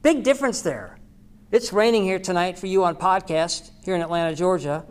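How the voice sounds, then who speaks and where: A woman's voice: fairly low pitch, a little fast, a little mellow. A woman podcast host giving an earnest devotional talk, preaching with repeated phrases.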